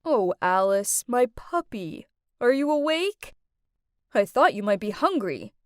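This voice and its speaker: A woman voicing a gentle but creepy young man who speaks in a soft, coaxing, falsely caring way in an animated story. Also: fairly high pitch, unhurried, no echo, studio quality.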